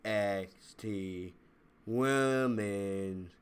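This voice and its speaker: A man putting on a slow, mechanical robot voice to mock a female wrestler. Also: lowish voice, clear, resonant tone. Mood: cold boastful.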